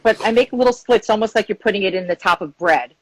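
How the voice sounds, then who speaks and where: A woman's voice: medium pitch, fast, poor audio. A woman from Long Island working as a guest chef, talking casually through a cooking demonstration with lots of "like" fillers. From Long Island, New York. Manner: chatty, relaxed, lots of "like" fillers. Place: home kitchen.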